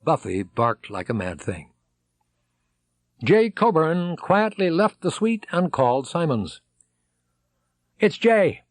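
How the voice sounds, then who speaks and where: A man reading an audiobook aloud, dramatic, voicing characters and shouting their excited lines. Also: on the high side, slow, no echo. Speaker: audiobook narrator.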